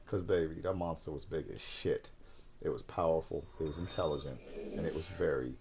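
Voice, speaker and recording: A man streaming, chatting casually about a movie in an animated, profane way, going from quiet to loud and laughing often. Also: a bass voice, a little fast, background noise. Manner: laughs often while talking. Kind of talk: casual chat.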